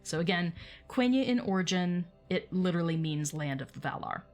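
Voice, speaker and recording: A woman's voice: fairly low pitch, animated, brisk, soft background music. A woman hosting a livestream, explaining terms in a chatty, casual way with frequent fillers and laughs. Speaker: host.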